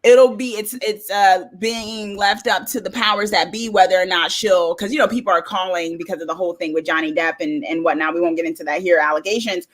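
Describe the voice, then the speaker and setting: A woman's voice: fairly low pitch, steady tone, brisk, few pauses. A woman hosting a casual film review stream, reading viewer comments aloud and chatting with a loose, filler-heavy delivery. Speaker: host. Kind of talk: casual livestream review chat.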